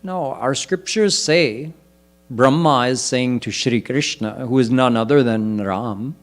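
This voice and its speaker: Slow, measured male spiritual teacher. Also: mid-range voice. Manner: slow, deliberate explanation of scripture, chanting verses in between. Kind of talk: sermon.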